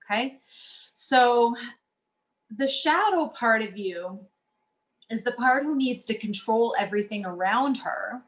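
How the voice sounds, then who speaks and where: A woman coach giving a casual, earnest teaching talk to her audience, speaking conversationally with many fillers and restarts. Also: medium pitch.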